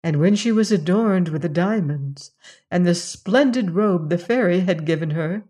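A woman narrating a fairy tale in a measured, expressive reading. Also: lowish voice. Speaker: storyteller.

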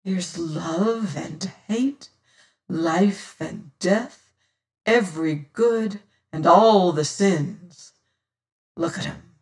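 A reader voicing a shrewd, whimsical old sea rover who speaks in archaic seafaring talk and sometimes drops to a hush, heard from a distant mic. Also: medium pitch, very slow. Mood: awed whisper. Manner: archaic seafaring speech, hushed at times. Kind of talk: audiobook character reading.

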